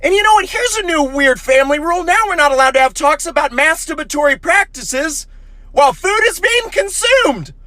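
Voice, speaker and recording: Brief: young American man, comic storyteller, bright, lively high voice, dry close sound. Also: a little fast, hardly any pauses, dry recording. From United States. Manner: animated, exaggerated voices for family members, outraged bursts. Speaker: comedy storyteller.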